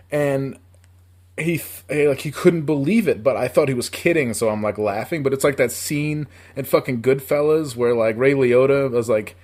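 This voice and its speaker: Man, thirties, from upstate new york, podcast co-host, casual storytelling, swears a lot, rambling, laughs often, mid-pitched. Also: darkish tone.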